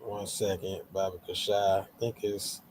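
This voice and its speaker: A man co-hosting a scripture talk in a relaxed, slangy way, switching into playful tones when he quotes. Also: sits low, normal speed, slight background noise. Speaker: co-host of a scripture show. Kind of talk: casual religious discussion.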